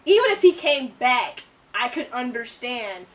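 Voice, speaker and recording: High-voiced excitable woman, off-mic. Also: unhurried, distant mic. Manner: excitable, laughs often, goes high when mocking critics. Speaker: co-host of a movie review show. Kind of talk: casual chat. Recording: voice from away from the mic.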